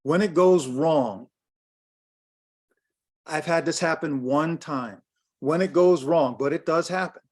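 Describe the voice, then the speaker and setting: Older American male coach in his 60s, slightly high voice, direct and emphatic, repeats his points. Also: slow, pauses often, darkish tone. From United States. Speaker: business coach presenting a workshop. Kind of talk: workshop talk on pricing.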